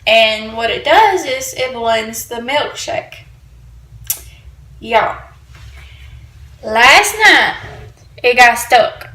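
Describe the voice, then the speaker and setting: Gravelly woman vlogger. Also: fairly high pitch, pushed and bright. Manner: chatty, tells stories to viewers. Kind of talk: casual cleaning vlog storytelling.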